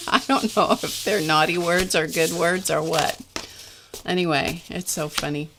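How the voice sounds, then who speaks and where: Speaking at a measured pace with fairly even intonation, this woman has a lowish voice, and background noise is audible. She's the host of a live art session, rambling casually and self-deprecatingly as she works on her craft.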